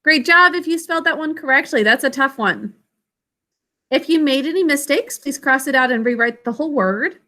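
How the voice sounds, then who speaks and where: Woman teacher, bright and slightly high voice, patient, spells words out syllable by syllable for the class. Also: animated. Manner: patient, sounds out syllables slowly and clearly; asks students questions and calls on them by name. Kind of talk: classroom vocabulary and spelling lesson.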